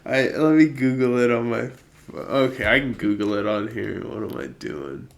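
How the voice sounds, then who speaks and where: A man's voice: medium pitch, moderate pace, creaky. A man hosting a podcast in casual chat, laid-back and amused. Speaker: podcast host.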